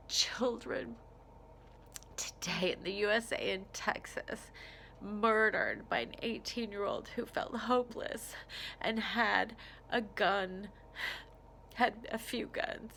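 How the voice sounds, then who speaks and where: Give me a tearful American woman begging her viewers for help, voice slightly high and rough with fry. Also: slow pace, fairly bright tone, a little hiss or hum. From United States. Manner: tearful, pleading, rambling with restarts. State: crying. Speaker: vlogger. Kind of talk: emotional personal plea to camera.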